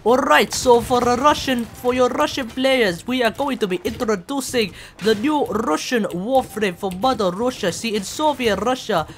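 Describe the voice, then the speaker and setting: A man voicing a hammy male game announcer who tells a joke slowly and grandly. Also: very high voice, fairly bright tone, a little hiss or hum, voice pushed up. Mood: mock-grand. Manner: slow, mock-grand delivery.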